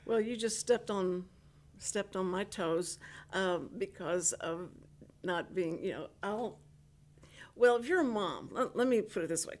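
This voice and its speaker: A woman's voice: medium pitch, unhurried. An older woman, hosting a casual radio interview and telling chatty stories full of restarts. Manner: chatty, animated storyteller with many restarts. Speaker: radio host.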